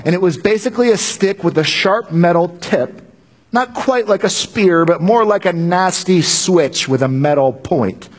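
A man's voice: sits high, moderate pace. A male pastor giving a conversational sermon, joking with the congregation and often restarting his sentences.

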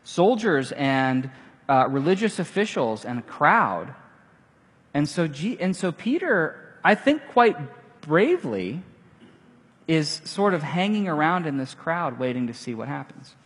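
A man preaching a sermon, animated, acting out the quoted lines with casual asides. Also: on the high side, a little slow, slightly rough. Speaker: pastor. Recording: long hall reverb.

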